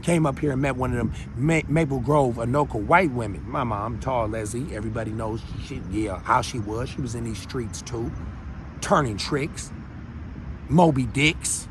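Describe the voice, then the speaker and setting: A man from Minnesota hosting his own show, ranting to viewers in a rambling, emphatic way that swings between loud and quiet. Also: medium pitch, normal speed, background noise. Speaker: show host. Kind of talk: unscripted rant to viewers.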